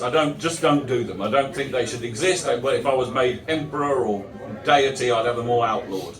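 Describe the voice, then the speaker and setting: A man's voice: medium pitch, lively intonation, normal speed, few pauses, a crowd in the background. A middle-aged man giving a live poetry performance, mixing rhyming verse with wry, self-mocking asides. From England. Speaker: poet. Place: chapel venue. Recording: roomy, distant live recording.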